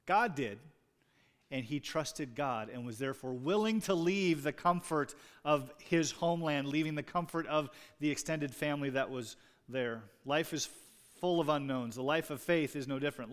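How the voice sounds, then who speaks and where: A man's voice: medium pitch, normal speed. A man preaching a sermon in a conversational way, with rising emphasis on key words. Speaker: pastor. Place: church sanctuary. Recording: long reverb in a large hall.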